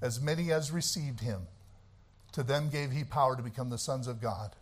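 A man preaching a sermon, swinging between shouted, fiery passages and quieter, conversational talk. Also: medium pitch, normal speed.

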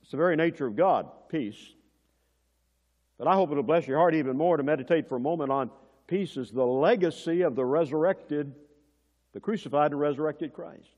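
A male preacher delivering a sermon, swinging between loud emphasis and hushed moments, and asking the congregation questions like a teacher. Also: on the high side, a little fast. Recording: dull sound, long church reverb.

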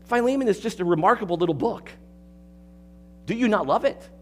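High-voiced pastor preaching with emphatic questions. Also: male voice, lively intonation, a little fast, a little hiss or hum. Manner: emphatic, with repeated words and rhetorical questions. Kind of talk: expository sermon.

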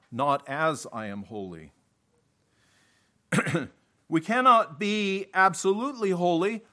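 A man preaching a sermon, slow and emphatic, often repeating words and clearing his throat. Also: a little high, a bit bright.

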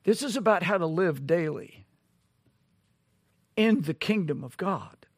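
Brief: high-pitched male preacher, slow and deliberate, pressing rhetorical questions, dry close sound. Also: animated, breathy edge, no room sound. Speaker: pastor. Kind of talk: sermon.

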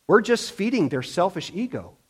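Emphatic high-voiced male preacher. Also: very animated, normal speed, husky. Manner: emphatic, with frequent restarts and acted-out quotes. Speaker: pastor. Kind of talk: sermon.

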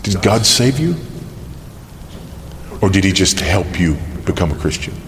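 A man with a low voice delivers a sermon. He talks in earnest, searching tones and presses his listeners with pointed questions. His voice rings with a long hall reverb. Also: expressive. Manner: earnest, questioning, with emphatic pauses. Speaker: preacher.

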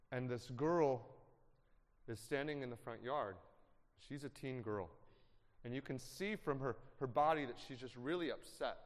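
Earnest man preaching in a reverberant hall. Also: mid-range voice. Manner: earnest, swings from hushed emotional storytelling to emphatic preaching. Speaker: pastor. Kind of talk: sermon.

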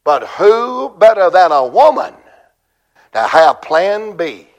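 A man preaching a sermon in church, telling a story with dramatic, shouted climaxes. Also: high voice, sing-song, slow pace.

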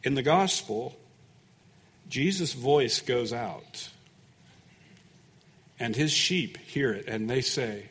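A man preaching a sermon as pastor, folksy and conversational, growing louder and more emphatic when he reads scripture. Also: medium pitch, animated, takes it slowly, pauses often, breathy edge, big-room sound. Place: church sanctuary.

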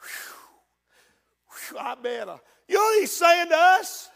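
Pastor, man, very high voice, fervent sermon with shouted peaks, reverberant hall. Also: lively intonation. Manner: preaching with shouted peaks and drawn-out quotes.

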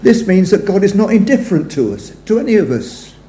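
An older man preaching a sermon to a congregation in a church hall, measured, his phrases trailing off softly. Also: sits high, very animated. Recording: echoey hall sound.

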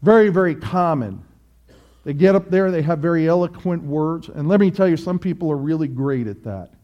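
A man's voice: on the high side, expressive, brisk, highs cut off. A male pastor preaching an emphatic sermon, repeating his points and asking rhetorical questions.

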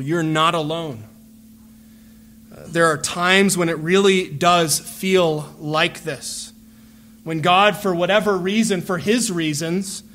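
Slow, high-voiced male preacher. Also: fairly bright tone. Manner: earnest, deliberate preaching with repeated phrases. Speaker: pastor. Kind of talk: sermon.

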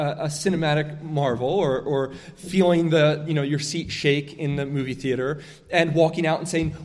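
A man's voice: a little high, in a large hall. A man preaching a sermon as a pastor, earnest and emphatic, often restarting his phrases as he drives a point home.

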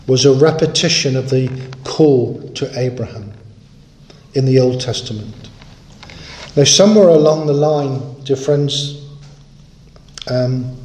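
A man delivers a sermon with a somewhat raised pitch and an earnest, emphatic manner. He drives home his points by repeating them. His voice rings in an echoey room. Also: darkish tone. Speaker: preacher.

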